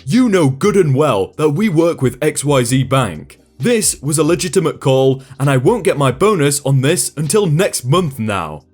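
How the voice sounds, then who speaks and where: A man's voice: a little high, very animated, moderate pace, hardly any pauses, darkish tone, soft background music. A man voicing an irritated male office boss who talks in a demanding, accusing way in a read-aloud story.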